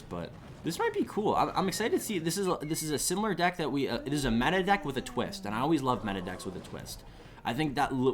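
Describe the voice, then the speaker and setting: A man giving live esports commentary on a stream, excitable and rambling, often restarting his sentences. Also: lowish voice. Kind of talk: live esports commentary with chat shout-outs.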